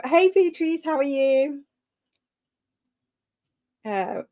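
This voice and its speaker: A woman's voice: a little high, a little mellow. A woman hosting a live reading sprint, chatting casually and greeting commenters by name, often laughing. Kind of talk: casual live-stream chat.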